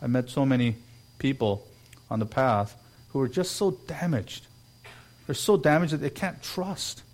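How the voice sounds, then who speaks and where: Guy preaching a sermon, earnest, middle pitch, acts out little voices. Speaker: pastor.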